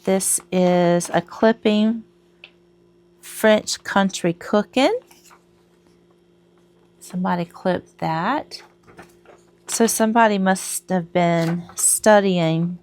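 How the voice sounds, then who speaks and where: A middle-aged woman, chatting casually to camera at home, rambling and laughing at herself. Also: fairly low pitch. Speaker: crochet vlogger.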